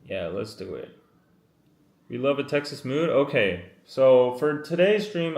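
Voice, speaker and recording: A man's voice: medium pitch, very animated, unhurried, darkish tone. A man in his thirties hosting a casual live stream, chatty and apologetic as he reads out viewer comments, worn out after a day in the heat. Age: 30s. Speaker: live-stream podcast host. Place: makeshift room away from his usual setup. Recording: roomy, echoey room sound.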